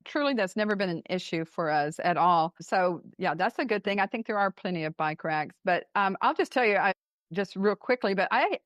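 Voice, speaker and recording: Animated woman telling travel stories. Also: mid-range voice, a little fast, no echo. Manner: animated storyteller, laughs and speeds up. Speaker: travel writer guest. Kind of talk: casual interview storytelling.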